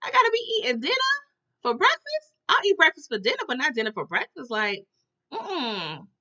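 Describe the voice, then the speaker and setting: A woman's voice: high voice, sing-song, fairly quick, sharp tone, highs cut off. A woman recapping a show in a casual, chatty storytelling style, talking straight to her viewers and reacting big. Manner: chatty, addresses viewers as "y'all", exaggerated reactions. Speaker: episode recap host.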